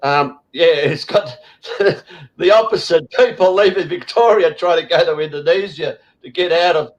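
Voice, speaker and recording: A man's voice: on the high side, dull audio. An Australian man hosting a casual chat, ranting bluntly with lots of swearing and fillers. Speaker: host.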